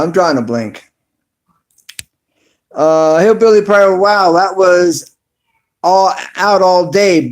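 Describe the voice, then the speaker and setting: A man hosting a casual livestream, reading viewer comments aloud with lots of fillers and little chuckles. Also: on the high side. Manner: reads chat aloud haltingly with many fillers and chuckles. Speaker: livestream host.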